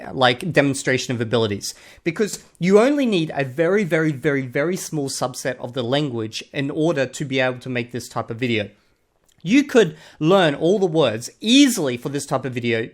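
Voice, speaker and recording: A man with an Australian accent giving casual commentary as a channel host, blunt and sarcastic, and he swears casually. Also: fairly high pitch. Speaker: channel host reviewing a video.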